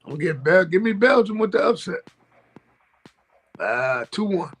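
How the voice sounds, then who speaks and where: A man co-hosts a sports talk show in a relaxed, fairly high voice. He keeps his answers short and pauses with fillers. Faint music runs underneath. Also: breathy edge. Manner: relaxed, brief, fills pauses with uh. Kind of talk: casual sports chat.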